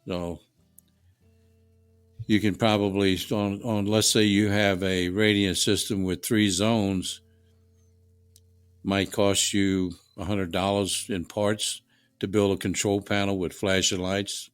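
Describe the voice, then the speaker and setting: Folksy new orleans guy, low voice, dry sound, rambling stories. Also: little pitch movement, takes it slowly, pauses often, clear, resonant tone, no room sound, faint music behind. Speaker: guest, HVAC contractor. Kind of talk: casual storytelling. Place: home dining room.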